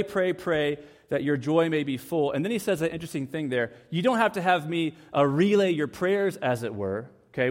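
A man in his thirties preaching a sermon, reading scripture and telling stories with lively acted-out voices. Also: a little high, long reverb tail. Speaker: pastor.

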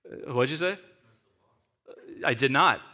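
A man's voice: medium pitch, slow pace, sharp tone. A man in his forties preaching a sermon, reading scripture and telling self-deprecating stories in a conversational way. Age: 40s. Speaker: pastor.

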